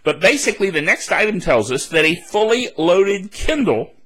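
A man's voice: sits high, very animated, normal speed, fairly bright tone. A man hosting a solo tech news podcast, chatty and rambling with laughs and asides, his throat a little dry. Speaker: podcast host.

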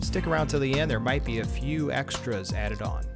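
A man's voice: medium pitch, moderate pace, gravelly, music in the background. Easygoing man hosting a tech podcast. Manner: relaxed, joking, rambling. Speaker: podcast host. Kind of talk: casual tech podcast chat.

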